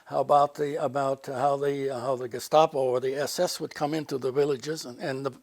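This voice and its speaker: A man's voice: medium pitch, flat delivery, fairly quick, creaky, a little mellow, dry recording. An older man, a retired Air Force general, telling earnest stories in an interview and repeating words for emphasis. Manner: earnest anecdotes with emphatic repetition. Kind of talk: casual storytelling interview.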